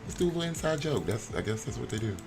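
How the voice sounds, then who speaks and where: A man's voice: medium pitch, very animated, rapid-fire, vocal fry. Chatty playful male streamer. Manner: chatty, playful, talks to chat. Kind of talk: casual game commentary.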